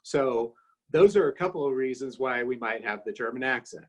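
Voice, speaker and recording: A man in his fifties giving informative, steady remarks before a recitation at a fraternity dinner, pausing often with "uh". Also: mid-range voice, low-quality recording. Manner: steady, informative, with frequent "uh" pauses. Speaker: toast presenter at a fraternity dinner.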